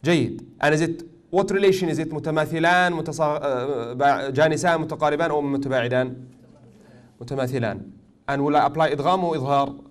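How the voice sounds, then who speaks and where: A man teaching a tajweed class, questioning his students often and joking gently. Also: fairly high pitch, fairly even intonation, very fast. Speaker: Quran recitation teacher.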